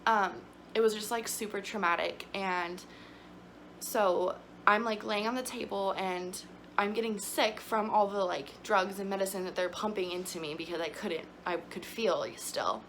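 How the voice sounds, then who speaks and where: A woman's voice: mid-range voice, fairly even intonation, moderate pace, a bit bright, a little hiss or hum. A young woman vlogging, telling her story in a chatty, emotional way with lots of fillers. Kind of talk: casual storytelling to camera.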